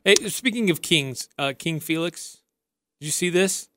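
A man's voice: a little high, measured pace, pushed and bright, slight background noise. A man hosting a sports talk radio show in a studio, friendly and chatty, often restarting his sentences.

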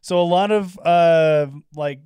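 A man's voice: a little high, slow, mellow, clean tone, no room sound. A man chatting on a podcast, hesitant, with many fillers. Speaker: guest salesperson. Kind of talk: casual chat.

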